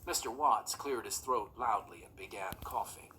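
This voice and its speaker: A narrator reading a storybook aloud in a calm, even way. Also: medium pitch, moderate pace, a little hiss or hum.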